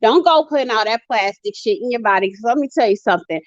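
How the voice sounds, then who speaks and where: A woman from Ohio with a high, bright-pitched voice tells stories with lots of profanity and animation. She is on a video call, and the audio comes through dull and lo-fi. The sound is close and dry. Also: lively intonation, fast talker, no echo. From Dayton, Ohio. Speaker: co-host. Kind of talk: casual chat.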